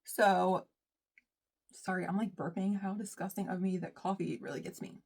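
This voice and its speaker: A woman's voice: medium pitch, steady tone, normal speed, creaky, darkish tone, breathy edge. Chatty woman vlogging. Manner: chatty, rambling, says "y'all" often. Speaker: beauty vlogger. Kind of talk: casual chat while doing makeup.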